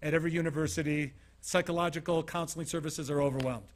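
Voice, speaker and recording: Talking fast in a slightly high voice, this Utah man delivers an informal motivational keynote before a small studio crowd. Energetic storytelling mixes with frequent direct questions aimed at the audience.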